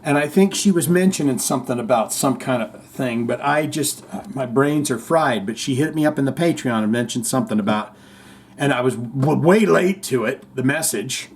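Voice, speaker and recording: A man's voice: mid-range voice, moderate pace, slightly rough. A man hosting a casual livestream podcast, reading viewer comments aloud in a rambling, joking way with the odd swear.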